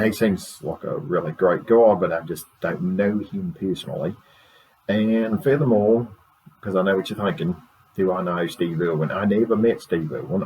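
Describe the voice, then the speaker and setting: A man voicing a relaxed, rambling radio guest. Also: lightly acted, poor audio. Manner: relaxed, rambling, low-key. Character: laid-back Australian man, chatty radio guest.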